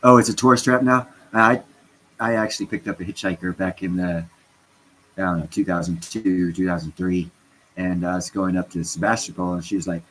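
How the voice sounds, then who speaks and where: A man's voice: sits low, steady tone, fairly quick, a bit bright, a little hiss or hum, poor audio. A stoned man chatting casually on a livestream, rambling and interrupting himself as he talks to his viewers. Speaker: crypto vlogger.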